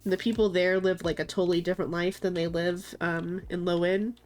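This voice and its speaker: A woman's voice: fairly low pitch, fairly even intonation, a little fast, a little mellow, soft background music. A woman streaming live with a congested, stuffy voice, rambling casually and leaning on filler words. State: congested, sniffling. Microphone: desk microphone, mutes to sniffle.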